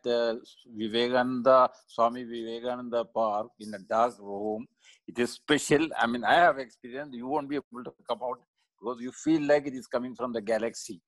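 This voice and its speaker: A man's voice: mid-range voice, moderate pace, no echo, low-quality recording. A man who asks questions and shares experiences hesitantly, with frequent fillers. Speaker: co-host asking questions. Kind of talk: casual discussion.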